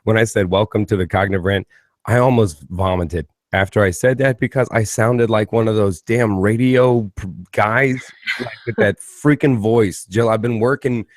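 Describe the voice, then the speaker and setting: A male podcast host with a low voice talks in a loose, rambling, caffeinated way and pokes fun at himself. The recording is close and dry, with no room sound. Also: normal speed, no room sound. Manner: rambling, self-mocking, caffeinated. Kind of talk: casual podcast intro and chat.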